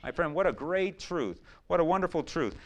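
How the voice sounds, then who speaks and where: A man preaching a sermon, swinging between loud emphatic questions and quiet, low storytelling. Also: expressive, moderate pace.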